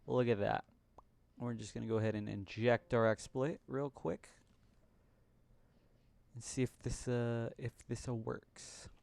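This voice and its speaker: A man's voice: mid-range voice, creaky, darkish tone, dry recording. A young man hosting a casual live coding stream at his home computer desk, chatty and muttering to himself, with jokey broken-English asides. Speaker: livestream host coding.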